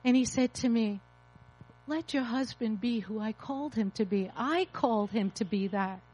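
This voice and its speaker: A woman's voice: a little high, normal speed, mellow, rough recording. A woman in her fifties, a pastor, preaching an emotional, confessional testimony. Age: 50s. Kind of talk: sermon testimony.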